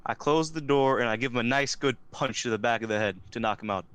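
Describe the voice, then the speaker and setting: Male player, smooth resonant voice, drawling and menacing in play. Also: mid-range voice, fast talker, fairly bright tone. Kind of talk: tabletop role-play.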